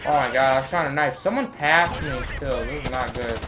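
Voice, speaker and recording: A man's voice: medium pitch, a little fast, background noise. A man giving gameplay commentary, ranting and swearing as he grows frustrated. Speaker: gamer and channel host. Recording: game gunfire loud behind voice. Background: shooter game gunfire and explosions.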